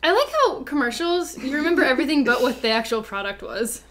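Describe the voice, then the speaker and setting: A woman co-hosting a casual live stream, self-deprecating and quick to laugh. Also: high-pitched, lively intonation, a loud crowd. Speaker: co-host.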